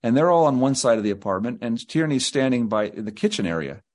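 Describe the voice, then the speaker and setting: A man's voice: mid-range voice, animated, fast talker, a little mellow. A man with a mid-range voice, spinning rambling anecdotes as a guest author. He talks in long, meandering stretches and often acts out what other people said. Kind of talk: anecdotal storytelling in an interview.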